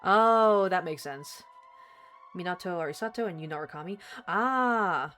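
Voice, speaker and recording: A woman's voice: lowish voice, animated, normal speed, fairly bright tone, soft background music. A woman streaming a game live, chatting casually with a co-player, swearing often and laughing easily.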